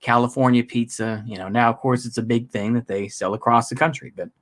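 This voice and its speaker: A man's voice: mid-range voice, fairly even intonation, fairly quick. An American man giving a casual, rambling political monologue. He is self-deprecating and uses lots of fillers. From United States. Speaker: political vlogger.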